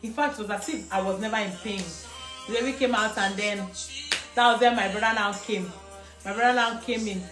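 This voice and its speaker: A Nigerian woman telling a personal story in casual, animated talk, laughing often and mixing in pidgin. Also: medium pitch, brisk. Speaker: vlogger. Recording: echoey room with music behind.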